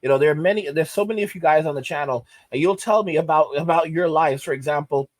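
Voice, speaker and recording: A man's voice: a little high, fast talker, dry recording. A man hosting his channel, delivering emphatic ranting commentary and repeating phrases for weight. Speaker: channel host.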